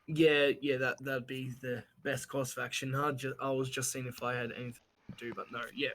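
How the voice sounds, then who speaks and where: A man's voice: medium pitch, flat delivery, a little fast, a bit bright. Hesitant man thinking aloud at the table. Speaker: player. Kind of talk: casual game chat.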